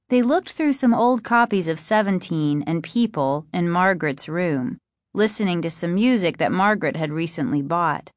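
A woman reading a chapter book aloud as an audiobook narrator, with steady, even storytelling. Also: lowish voice, normal speed, no room sound, clean studio sound. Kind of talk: scripted narration.

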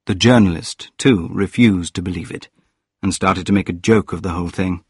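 An audiobook narrator reads a story aloud, calm and measured, in a scripted narration. His voice is low and slightly rough, recorded in a clean studio with no echo.

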